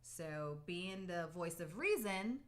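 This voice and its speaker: A woman's voice: fairly low pitch, animated, slow, a bit bright. A woman co-hosting a casual podcast with her husband, telling a story in a chatty, laughing way. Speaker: podcast co-host. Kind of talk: casual couple's podcast chat.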